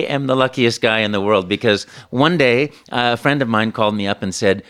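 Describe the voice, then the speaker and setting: A man, a voice actor, telling a story in an interview in an animated way, with frequent stammers and restarts. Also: fairly low pitch, fairly quick, few pauses, clean tone.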